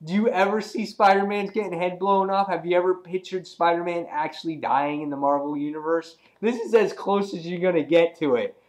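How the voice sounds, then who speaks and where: A man giving a casual, excitable comic book review, rambling with lots of "he's like" asides. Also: high voice, fairly quick, hardly any pauses.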